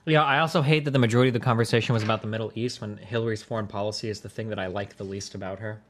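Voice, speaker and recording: Fast-talking rambling male streamer. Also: on the low side, fairly even intonation. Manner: rambling, self-correcting, lots of "like" and "um". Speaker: streamer and debate host. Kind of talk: casual livestream chat.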